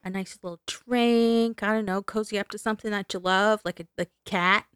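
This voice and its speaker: A woman's voice: mid-range voice, fairly even intonation, brisk, a bit bright, smooth, dry recording, clean studio sound. A woman co-hosting a podcast, joking around, swearing freely and laughing often. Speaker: podcast co-host. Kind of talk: casual podcast chat.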